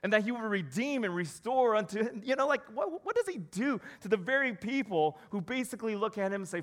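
A man with a high voice preaches a casual, lively sermon. He talks to the congregation like a friend, cracks small jokes and acts out quotes in different voices. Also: fairly quick, few pauses. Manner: animated, conversational preaching with jokes and acted quotes. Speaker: pastor.

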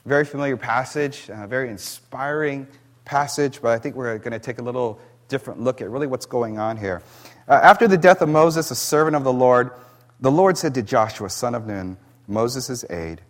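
A man's voice: mid-range voice, lively intonation. Man preaching a sermon. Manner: reads scripture slowly, then explains in plain conversational asides. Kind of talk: sermon with scripture reading.

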